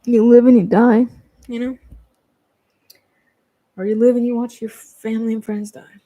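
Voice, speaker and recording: A man chatting casually on a livestream, rambling and hesitant with lots of fillers, restarts and casual swearing, often trailing off quietly. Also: extremely high pitch, level tone, normal speed, no room sound.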